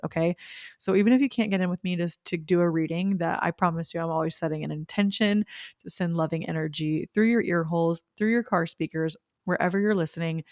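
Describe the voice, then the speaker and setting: A woman's voice: lowish voice, no echo, clean studio sound. A young woman hosting her own podcast, casually telling a personal story in a bubbly, gushing way with bursts of laughter. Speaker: podcast host. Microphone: podcast microphone.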